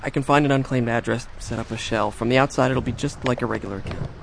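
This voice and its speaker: An actor playing a nervous young hacker who talks fast when pressed. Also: male voice, medium pitch, fairly even intonation, creaky, background noise, close to an everyday voice. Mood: anxious. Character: nervous young male hacker, anxious and quick. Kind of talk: audio drama acting.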